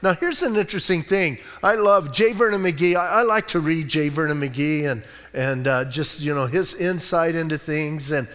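A man's voice: a little high, moderate pace, few pauses, a bit bright, in a large hall. A middle-aged man preaching a casual, conversational sermon as pastor, folksy, with many fillers and restarts. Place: church sanctuary.

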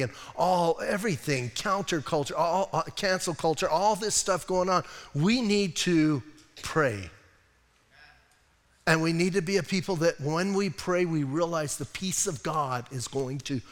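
A man preaching a sermon as a pastor, telling stories with lively, acted-out quotes. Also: on the high side. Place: church hall. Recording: long hall reverb.

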